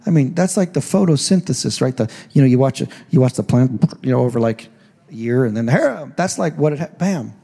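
A man's voice: mid-range voice, animated, fairly quick, gravelly, mellow, breathy edge. A man preaching a sermon as pastor, telling the story in a casual, joking way. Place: church stage.

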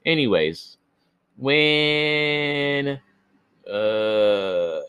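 A man's voice: medium pitch, lively intonation, very slow, a bit bright, clear, resonant tone, no room sound, studio quality. A man hosting a podcast, reading a myth aloud and stopping for joking, slangy asides, stumbling over names. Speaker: podcast host reading myths. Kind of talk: myth reading with casual commentary.

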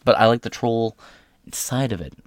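A man's voice: medium pitch, normal speed, no room sound, studio quality. A young man hosting casual news commentary, reading out articles with irreverent, sarcastic and profane asides. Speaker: host.

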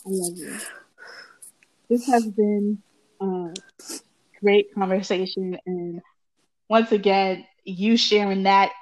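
A woman hosting a casual podcast conversation, warmly affirming and chiming in often with encouragement. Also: mid-range voice, steady tone, takes it slowly, pauses often. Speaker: podcast host. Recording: dull lo-fi sound.

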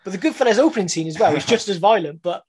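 A man chatting casually about films with friends on a podcast, enthusiastic and quick to repeat himself. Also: high-pitched, animated, darkish tone. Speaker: podcast co-host. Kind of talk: casual film chat.

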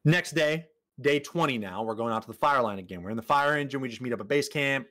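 A man's voice: medium pitch, fast. A young man co-hosting a podcast, telling a story in casual chat, swearing often and acting out the lines of the people in it. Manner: animated, swears often, acts out quotes. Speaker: podcast co-host.

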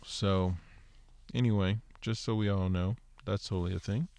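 A man's voice: lowish voice, steady tone, normal speed, creaky, a little mellow. A man teaching a casual scripture lesson, walking through Hebrew word studies with lots of "so" and "okay.". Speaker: Bible teacher.

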